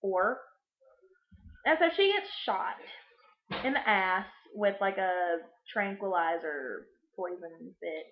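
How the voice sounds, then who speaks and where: A woman's voice: mid-range voice, lively intonation, slow, pauses often. A young woman recapping a movie in a casual vlog, crude and sarcastic, rambling with lots of fillers. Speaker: vlogger. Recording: echoey room, muffled lo-fi sound.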